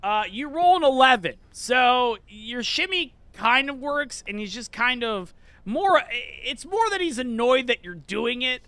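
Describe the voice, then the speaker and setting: A man's voice: very high voice, sing-song, measured pace, pushed and bright, clean tone, no room sound. A man narrating a comedic tabletop game as dungeon master, rambling and jokey with many restarts.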